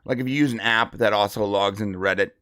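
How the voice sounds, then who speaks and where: A man co-hosting a podcast in casual chat, rambling and halting with lots of fillers. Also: lowish voice, steady tone, bright, forceful tone, no echo, studio quality. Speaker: podcast co-host.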